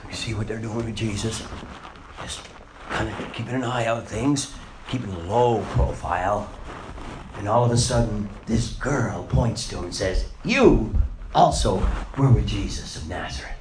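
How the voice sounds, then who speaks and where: Male preacher, mid-pitched, dramatic storyteller; roomy, echoey sound. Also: a little mellow. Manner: dramatic storytelling with rising and falling intensity. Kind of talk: sermon. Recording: roomy echo, faint noise.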